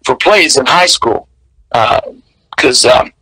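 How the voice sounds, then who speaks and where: A man, a guest telling stories in a candid, animated way. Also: medium pitch, slow pace, slightly rough, no room sound, rough recording. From American South. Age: 60s. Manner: animated, candid, laughs between memories. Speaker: interview guest. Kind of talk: storytelling in casual interview.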